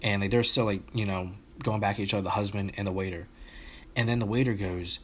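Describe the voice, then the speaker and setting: A man's voice: fairly low pitch, fairly even intonation, fast. A man telling a long story in casual chat among friends on a podcast, with frequent restarts and fillers.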